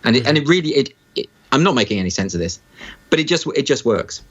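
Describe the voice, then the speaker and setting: Halting man chatting on a lo-fi call. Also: mid-range voice, sing-song. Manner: halting, many restarts and fillers. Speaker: guest. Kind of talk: casual conversation. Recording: dull lo-fi sound.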